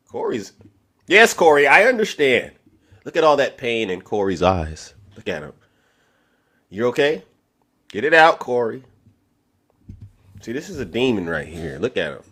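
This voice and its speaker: A man hosting a live online debate stream, teasing his guest theatrically and swinging from loud outbursts to hushed asides. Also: medium pitch, big pitch swings, measured pace, pauses often, slightly rough. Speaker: livestream debate host. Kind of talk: animated mocking commentary.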